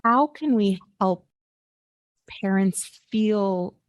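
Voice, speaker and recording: A woman hosting a podcast interview, asking measured, thoughtful questions. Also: medium pitch, no echo, lo-fi sound. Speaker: podcast host.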